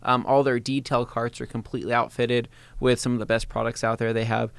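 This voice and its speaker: A man co-hosting a podcast in casual chat, talking in halting bits with restarts. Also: medium pitch, flat delivery, vocal fry, clear, resonant tone, no room sound. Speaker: podcast co-host.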